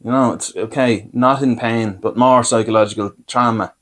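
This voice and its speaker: An Irish podcast host talks through his own mishaps in a loose, rambling way, poking fun at himself. His voice sits at an ordinary middle pitch for a man, and he slips into little acted-out exchanges as he goes. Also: fairly even intonation, moderate pace, a bit bright. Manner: rambling, self-deprecating anecdotes with acted-out quotes. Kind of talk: comic storytelling.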